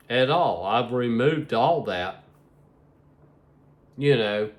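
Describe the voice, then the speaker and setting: A man's voice: mid-range voice, expressive, slow pace, pauses often. A middle-aged man rambling to his viewers in a casual vlog, sleepy and yawning, often repeating himself. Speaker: vlogger.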